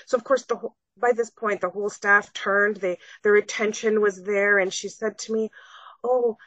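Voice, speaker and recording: A woman's voice: mid-range voice, fairly even intonation, normal speed, fairly bright tone, dry recording. A middle-aged woman, a podcast guest earnestly recounting a personal story and re-enacting conversations in her own voice. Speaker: guest, salon owner. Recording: dull, dry lo-fi recording.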